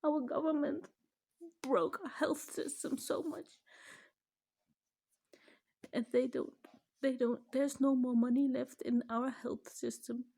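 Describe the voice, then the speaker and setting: A woman's voice: sits high, steady tone, takes it slowly, vocal fry, long pauses, warm tone, husky. A middle-aged mother recording a vlog, tearful and close to crying, her voice shaky and breaking, at times dropping to a whisper. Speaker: vlogger, mother. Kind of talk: emotional personal vlog.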